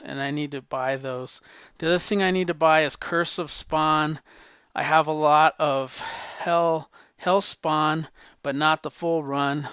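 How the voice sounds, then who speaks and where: Guy rambling on about comics, bit high smooth voice, dry and kinda muffled. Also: a bit bright, dry recording. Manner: rambling, enthusiastic retelling with quoted lines. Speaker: comic book podcast host. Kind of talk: casual rambling monologue.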